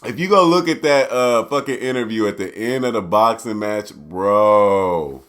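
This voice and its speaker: Animated young man hosting a podcast. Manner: loose, profane and animated, jumps from loud outbursts to low mutters. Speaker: podcast host. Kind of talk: casual solo podcast rant.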